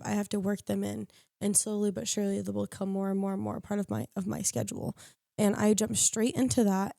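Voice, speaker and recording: Young woman podcast panelist, casual and candid, low gravelly edge, dry close sound. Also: warm tone, no echo. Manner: candid storytelling, acts out quoted lines. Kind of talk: casual chat.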